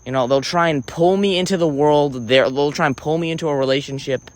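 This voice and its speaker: A man's voice: fairly high pitch, brisk, no room sound. A man delivering a rambling comic monologue, theatrical and profane, often breaking off and restarting. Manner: theatrical, profane, self-interrupting. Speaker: vlogger.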